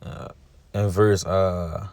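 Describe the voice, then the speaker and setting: A man's voice: deep voice, flat delivery, extremely slow, darkish tone, no room sound. A man giving an informal scripture teaching, reading verses and explaining them in a conversational way, often asking "you see?" and adding "man". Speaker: religious teacher.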